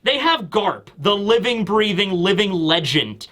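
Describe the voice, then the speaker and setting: A high, bright man's voice with a sharp edge runs through this casual manga review. He is from the United States and talks in a lively, rambling way, full of "like" and quick laughs. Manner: animated, laughs often, lots of filler words. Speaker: host.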